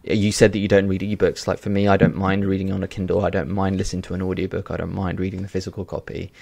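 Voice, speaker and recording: A man's voice: low-pitched, monotone, fast talker, vocal fry, a little mellow, dry recording. A man hosting a podcast, chatting casually and asking curious questions. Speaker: podcast host. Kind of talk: casual interview chat.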